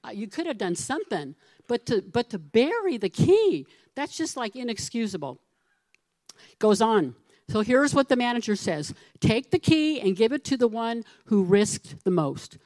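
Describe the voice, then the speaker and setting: Animated woman preaching a sermon. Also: fairly high pitch, normal speed, no echo. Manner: animated storytelling, acting out voices of the people in her parable; conversational, asks the congregation questions. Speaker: pastor.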